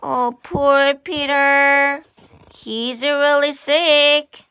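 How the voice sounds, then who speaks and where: Korean-speaking teacher lady reading a kids' story real slow, high clear voice, lots of oh my goodness and look at this. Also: little pitch movement, sharp tone, no echo. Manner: exclaiming, asking the listener questions. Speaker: children's English teacher. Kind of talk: reading a picture book aloud to children.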